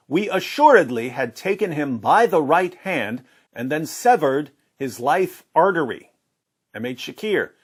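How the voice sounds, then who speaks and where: A man's voice: on the high side, breathy edge. A man in a played clip, reading scripture translations aloud with pointed emphasis in a debate style. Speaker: speaker in a quoted video clip.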